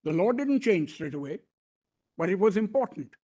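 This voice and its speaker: A man's voice: high-pitched, very animated, normal speed, mellow. A man with an Indian English accent arguing formally before a court bench, deferential and emphatic, addressing the judges as "my lord" and often restarting his phrases.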